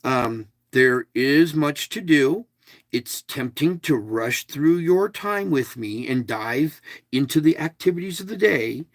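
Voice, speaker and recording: A man's voice: on the high side, lively intonation, slow, no echo. A man hosting an online devotional, reading aloud with casual asides and stressing single words. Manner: casual, chatty.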